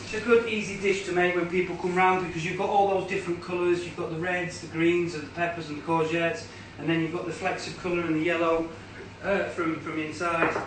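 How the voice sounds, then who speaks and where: A man's voice: on the high side, little pitch movement, fairly quick, few pauses, echoey room, distant mic, noisy background. A man with an English accent explaining a recipe as he cooks it live, chatty, with lots of ums. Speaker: cooking demonstrator. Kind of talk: casual live cooking demo. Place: home kitchen.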